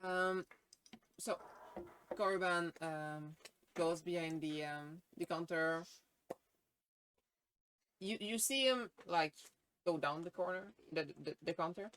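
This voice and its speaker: A woman runs a tabletop role-playing session as its game master, her voice sitting a little low. She talks in a hesitant, halting way and pauses often on fillers. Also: fairly bright tone, smooth, poor audio. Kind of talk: narrating a tabletop game, voicing a shopkeeper.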